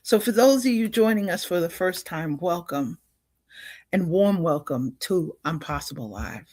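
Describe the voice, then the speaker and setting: Slow, low-voiced woman hosting a livestream. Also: animated, a little mellow, no echo, clean studio sound. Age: older. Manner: laughing, upbeat, greets viewers by name. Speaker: livestream host. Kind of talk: casual livestream chat.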